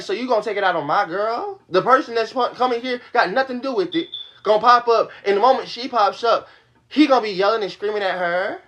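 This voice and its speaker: A man's voice: sits high, a bit bright. Heated young man venting on a livestream. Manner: heated, profane, repeating himself. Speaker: livestream host. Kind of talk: venting to a live stream audience.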